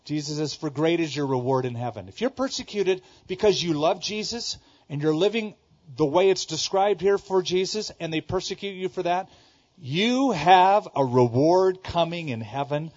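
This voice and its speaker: A middle-aged male pastor from Southern California preaches emphatically, repeating key lines and swinging between loud exclamations and quiet asides. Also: a little high, lively intonation, moderate pace. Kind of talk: sermon. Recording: dull lo-fi sermon recording.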